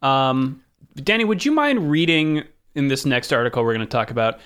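A man co-hosting a casual podcast, relaxed and wry with short reactions. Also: mid-range voice, normal speed, clear, resonant tone. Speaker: podcast co-host. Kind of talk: casual chat.

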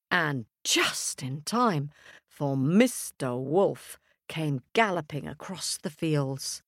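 A woman telling a children's story, playful and animated, making sound effects. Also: low-pitched, takes it slowly, no echo, clean studio sound.

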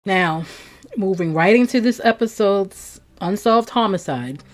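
A woman's voice: medium pitch, measured pace, soft background music. A woman from Maryland hosting a true crime podcast, talking in a blunt, outspoken, casual way.

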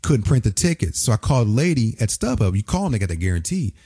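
A man from Springfield, Illinois, telling a lively story in casual talk and acting out the voices of the people in it. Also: fairly low pitch, quick pace, breathy edge, dry recording. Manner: animated storyteller, acts out quoted voices. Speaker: podcast guest.

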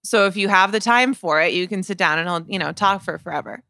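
A woman co-hosting a podcast, chatting casually about an album in a playful, animated way, often restarting her sentences. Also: fairly low pitch, fast talker, gravelly, no room sound, studio quality. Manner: animated, playful, self-interrupting. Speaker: podcast co-host. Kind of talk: casual chat reviewing music.

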